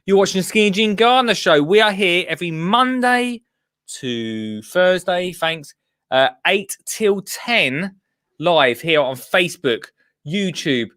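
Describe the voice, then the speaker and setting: A man's voice: high voice, animated, slow pace, fairly bright tone, no room sound, clean studio sound. A man hosting a live call-in show, chatty and jokey, greeting viewers by name. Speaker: host.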